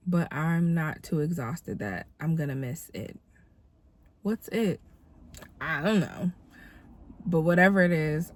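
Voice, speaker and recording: A woman's voice: on the low side, creaky. A tired, congested woman who sounds a little nasal, hosting a casual devotional vlog with a reflective, encouraging manner. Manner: reflective, encouraging, many fillers. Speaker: dancer and vlogger.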